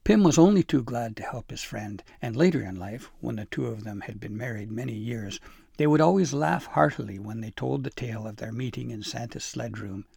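A man narrating a storybook in a gentle, measured reading. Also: medium pitch, gravelly, husky, no echo, studio quality.

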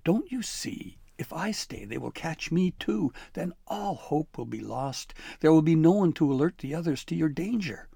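A man's voice: a little high, animated, normal speed, creaky, few pauses, dark tone, slightly rough, dry recording, studio quality, voice pushed up, heavily acted. A man doing a jittery frightened elf. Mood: frantic pleading. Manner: pleading, fussy, hissing. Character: frightened fretful male elf, small and jittery.

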